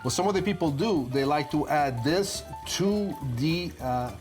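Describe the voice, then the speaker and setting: Lively Italian-accented man in his sixties. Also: fairly high pitch, unhurried. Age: 60s. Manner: lively, chatty and playful, with rhetorical questions. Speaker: cooking show host. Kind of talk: cooking demonstration. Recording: background music.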